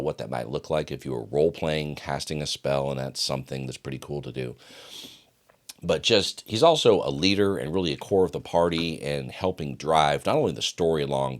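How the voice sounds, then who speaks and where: A man hosting a solo podcast, talking casually and enthusiastically, rambling with fillers and restarts. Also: extremely low pitch. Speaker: podcast host.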